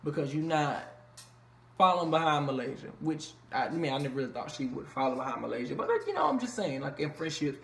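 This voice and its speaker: A man's voice: fairly high pitch, very animated, quick pace, vocal fry, a little hiss or hum. A man giving a casual, blunt, profanity-filled rant reviewing a reality show from a room at home. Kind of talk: casual vlog commentary. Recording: echoey room, faint ambience.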